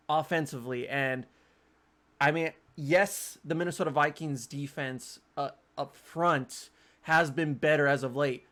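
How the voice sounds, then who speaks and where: Animated, slightly high-voiced male podcast host. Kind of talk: casual sports podcast chat.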